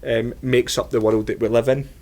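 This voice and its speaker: A man's voice: mid-range voice, little pitch movement, normal speed, creaky, a little mellow. A man with a Scottish accent co-hosting a casual chat for kids, explaining loosely with lots of fillers. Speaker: co-host.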